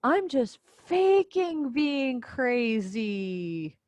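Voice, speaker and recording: A woman's voice: fairly high pitch, sing-song, drawn-out words, a little mellow, dry recording, highs cut off, voice pushed up, exaggerated voice. A woman voicing a blunt, vengeful young prince in a casual class summary. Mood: insistent.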